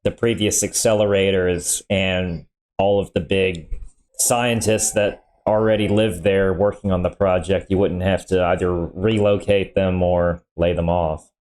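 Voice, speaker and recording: A man's voice: low voice, fairly even intonation, measured pace, darkish tone. A man, a nuclear engineer, giving casual reaction commentary, thinking aloud and chuckling now and then.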